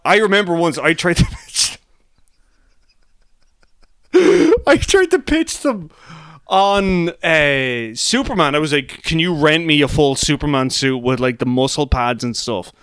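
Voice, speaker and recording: A man hosting a relaxed podcast chat, his voice smooth and resonant. He swears freely, laughs easily and stumbles over quick restarts. The sound is close and dry, with no room around it. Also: a little high, no echo. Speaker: podcast host. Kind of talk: casual chat.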